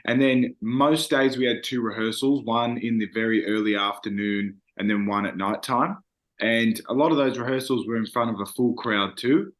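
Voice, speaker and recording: A man's voice: mid-range voice, steady tone, moderate pace, fairly bright tone. A young man, a singer, talking earnestly and reflectively in a casual interview, with frequent fillers.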